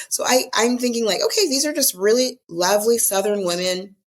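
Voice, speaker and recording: A woman's voice: fairly high pitch, animated, a little fast. A woman with an American accent telling a personal story in a casual podcast conversation, acting out the voices of the people she quotes. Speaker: guest author.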